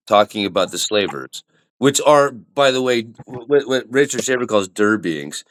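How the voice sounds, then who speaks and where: A man's voice: lowish voice, lively intonation, normal speed. A man co-hosting a podcast, joking and rambling through casual chat. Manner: joking, rambling, goofing around. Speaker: podcast co-host.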